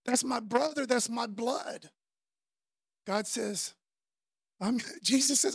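A man, preaching a sermon in a loose, conversational way, often tagging lines with "man" and dropping from loud to soft. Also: very high voice, takes it slowly, vocal fry, husky, no room sound, studio quality. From Florida, US. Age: 50s. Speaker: pastor.

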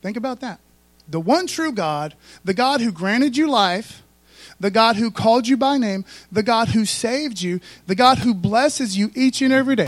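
A man's voice: very high-pitched, animated, normal speed, dry recording. A man preaching a sermon in a folksy, conversational way, full of asides to the congregation. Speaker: pastor.

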